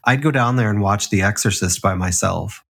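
Chicago guy on a podcast, breathy voice, laughs a lot, cusses constantly. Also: lowish voice, normal speed, fairly bright tone. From Chicago area. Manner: giggly, swears freely, storytelling. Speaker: podcast co-host. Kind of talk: casual crude banter.

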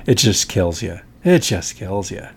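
A man's voice: sits low, big pitch swings, unhurried, slightly rough. Man, mid-range voice, chatty co-host who laughs a lot. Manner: laughs often, rambling restarts. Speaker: podcast co-host. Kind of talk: casual chat.

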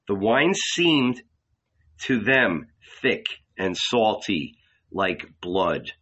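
Man reading an audiobook, slow measured, kinda dull lo-fi sound. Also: mid-range voice, bright, forceful tone. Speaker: narrator. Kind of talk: audiobook narration.

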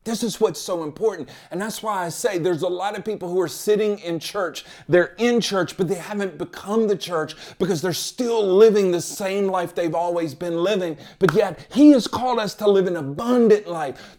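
Man, pastor, sermon, slightly high voice, rhetorical questions, loud-to-hushed swings. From United States. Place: church gathering.

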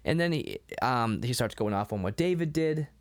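A man co-hosting a podcast in easy, casual chat. His voice sits at an ordinary pitch but rises and falls a lot. He laughs often and acts out other people's lines. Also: lively intonation, moderate pace. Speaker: podcast co-host.

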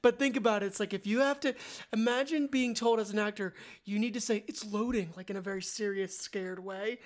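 A woman co-hosting a casual movie review podcast, joking and quick to interject. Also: medium pitch, steady tone. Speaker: podcast co-host.

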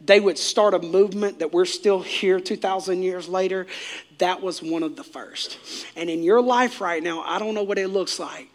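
A man preaching a sermon, speaking straight to the congregation, swinging from shouts down to hushed near-whispers. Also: high-pitched, moderate pace. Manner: preachy, direct address to congregation. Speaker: pastor.

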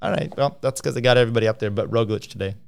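A man's voice: mid-range voice, very fast, vocal fry, smooth. A man hosting a casual cycling livestream, rambling with lots of fillers and restarts as he talks through standings and viewer comments.

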